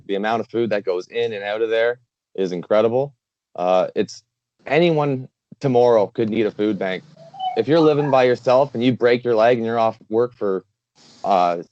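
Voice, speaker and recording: A man's voice: medium pitch, darkish tone, dry recording. A man from Canada, a guest talking earnestly and rambling with many fillers in a casual interview. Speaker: guest, charity founder. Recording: dull lo-fi dry sound.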